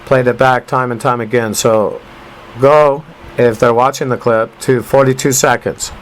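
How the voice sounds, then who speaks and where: A man's voice: medium pitch, steady tone, unhurried, rough recording. A man hosting a talk radio show, commenting on a news clip in an emphatic, rambling way with rhyming asides. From United States.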